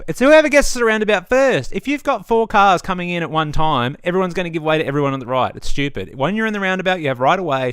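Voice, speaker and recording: A man's voice: a little high, a bit bright, clear, resonant tone, dry recording. Young guy, home-setup gaming rant, sarcastic and sweary; resonant, dry. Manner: ranty, sweary, sarcastic asides. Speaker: gaming vlogger. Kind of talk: casual opinion rant.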